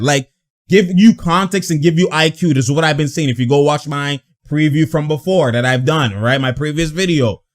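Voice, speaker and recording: A young man giving casual, animated commentary while reacting to a basketball game, slangy and laughing often. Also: a little high. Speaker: sports commentator.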